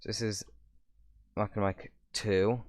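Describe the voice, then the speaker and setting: A man's voice: fairly low pitch, level tone, slow pace, darkish tone, no echo. A young man hosting his channel, giving rambling casual reaction commentary with sarcastic asides. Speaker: YouTuber host.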